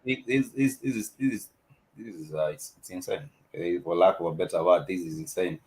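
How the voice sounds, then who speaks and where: A man's voice: deep voice, fairly quick, darkish tone, rough recording. A man hosting an online talk show, speaking hesitantly with many fillers and repeated words. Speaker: host. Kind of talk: casual chat.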